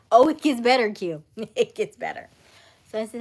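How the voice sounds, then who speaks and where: A woman hosting a livestream, telling a story in a casual, animated way with frequent laughter. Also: a little high, brisk. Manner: animated, laughing, acts out voices. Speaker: livestream host.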